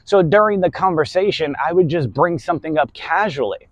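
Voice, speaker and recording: A man's voice: on the high side, fairly quick, muffled recording, a little hiss or hum. A man hosting a motivational talk, stressing key words with volume and often saying "so on and so forth". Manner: keeps repeating "so on and so forth". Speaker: host.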